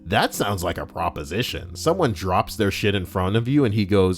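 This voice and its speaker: A man live-streaming, reading out stories and donations in casual, profane banter that jumps between mumbling and loud outbursts. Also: on the low side, lively intonation, moderate pace, faint music behind.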